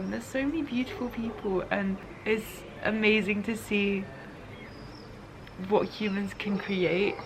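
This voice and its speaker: A woman's voice: mid-range voice, steady tone, measured pace, background noise. A young woman in her twenties, talking through her thoughts in a reflective, emotional diary-style vlog. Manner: emotional, musing, tearful at times. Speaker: vlogger.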